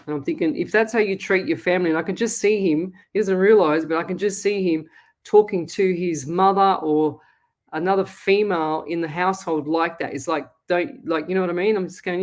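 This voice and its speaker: A woman's voice: on the low side, a little fast. A middle-aged Australian woman, a psychic medium hosting a live call-in show, talking in a chatty, blunt and scolding way. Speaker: psychic medium radio host. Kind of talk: live call-in reading, casual chat.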